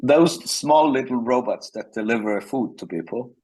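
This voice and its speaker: A man, a guest in a casual interview, telling animated stories with frequent restarts. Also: medium pitch, moderate pace, slightly rough, poor audio.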